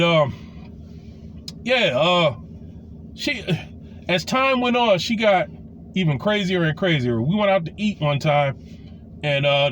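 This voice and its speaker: A man in his forties tells a raunchy personal story in a loose, profane storytime style, his talk full of fillers and restarts. His voice sits high for a man and swings widely in pitch as he gets animated. A faint hiss of noise runs underneath. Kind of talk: casual storytime monologue.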